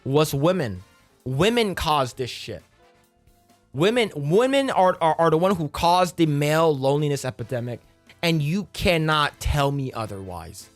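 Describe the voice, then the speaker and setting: A young man ranting in casual reaction commentary, profane and animated, sometimes quoting friends in put-on voices. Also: fairly high pitch, unhurried, soft background music.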